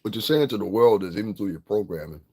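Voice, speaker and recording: A man's voice: fairly low pitch, animated, quick pace, dark tone. A middle-aged man from Connecticut, ranting bluntly and profanely in a casual livestream, laughing often. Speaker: vlogger.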